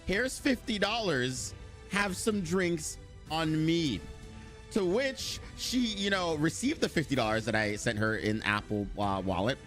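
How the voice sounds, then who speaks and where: A man's voice: fairly high pitch, lively intonation, a little slow, a bit bright, faint music behind. A young man live streaming, chatting casually with his chat, rambling, joking and swearing freely.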